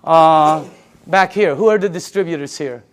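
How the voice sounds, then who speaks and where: A middle-aged man giving a live sales pitch to an audience, emphatic and chatty, repeating listeners' answers back to them. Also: moderate pace. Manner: chatty and excitable, laughs between points. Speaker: sales presenter.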